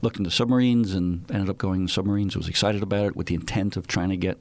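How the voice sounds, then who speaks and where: A man's voice: sits low, steady tone, fast talker, a little mellow, no echo. A man in his fifties with an Irish accent, a guest telling chatty stories in an interview. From Ireland. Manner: chatty anecdotal storyteller. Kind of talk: casual interview storytelling.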